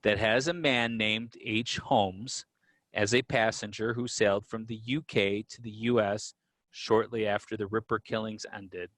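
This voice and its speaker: A man co-hosting a podcast, explaining history in a relaxed, conversational way. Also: lowish voice, measured pace, no room sound. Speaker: podcast co-host. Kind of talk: casual conversational storytelling.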